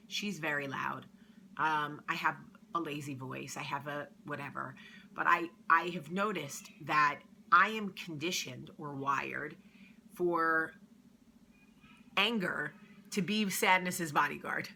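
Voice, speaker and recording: A woman in her thirties chatting casually as a vlog host, telling stories with lively shifts between murmurs and loud bursts. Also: deep voice, slow pace, gravelly, a little hiss or hum. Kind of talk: casual confessional chat.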